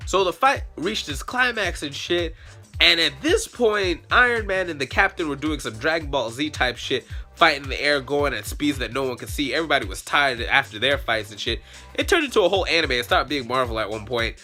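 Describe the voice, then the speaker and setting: A young man vlogger telling a comic story in a slangy, profane, animated way. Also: on the high side, brisk, soft background music.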